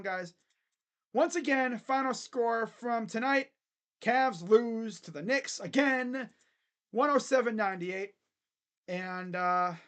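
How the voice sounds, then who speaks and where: Loud, crude young sports fan man. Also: sits high. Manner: blunt, crude joking with loud bursts. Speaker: sports channel host. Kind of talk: casual live game reaction. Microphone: webcam setup.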